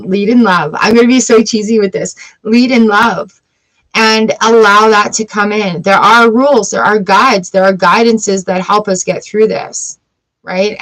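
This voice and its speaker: A woman's voice: mid-range voice, rough recording. A middle-aged woman runs a live card reading, chatty and reassuring. She speaks straight to her viewers in an easy, everyday voice. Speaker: tarot reader.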